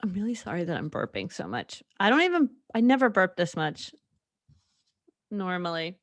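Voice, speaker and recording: A young woman hosts a casual solo podcast, chatting candidly and rambling with lots of laughs and fillers. Her voice sits lowish and sounds very animated, moving at a normal speed with no echo.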